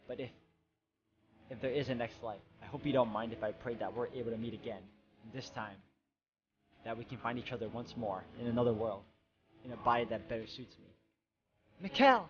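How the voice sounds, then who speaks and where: A man reads game dialogue aloud in an ordinary mid-pitched voice. His delivery is soft and hesitant, and it carries a lot of emotion. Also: fairly even intonation, normal speed, pauses often, muffled recording, slight background noise. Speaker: game walkthrough narrator.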